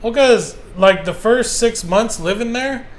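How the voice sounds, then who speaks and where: Male co-host, slightly raised pitch, rough fry, animated and profane storyteller; faint background noise. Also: unhurried. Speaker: podcast co-host. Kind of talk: casual chat.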